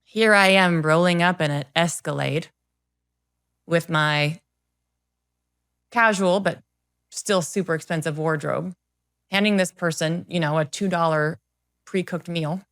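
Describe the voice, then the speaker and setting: Middle-aged woman coach, lowish voice, tells stories all animated and earnest, does little voices for people she quotes. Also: measured pace, pauses often, clear, resonant tone. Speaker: guest, confidence coach. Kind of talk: podcast interview storytelling.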